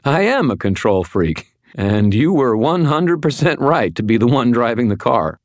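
A man's voice: mid-range voice, sing-song, normal speed, no room sound, clean studio sound, pitched above the performer's own voice. A man voicing a battered, wisecracking male wizard in an audiobook, sardonic and a little whiny. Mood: wry. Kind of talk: audiobook character voice.

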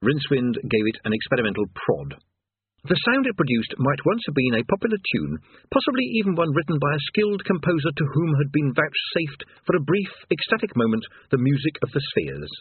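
A man reading a comic fantasy story aloud in a lively, wry storytelling manner. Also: fairly high pitch, fairly quick, breathy edge, dry recording. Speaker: audiobook narrator. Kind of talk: scripted fantasy narration. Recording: tinny phone-like dry sound.

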